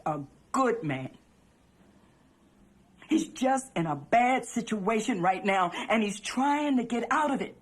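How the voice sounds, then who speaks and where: An actress playing an older mother calmly reassuring her grown daughter in a film drama. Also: fairly high pitch, slow.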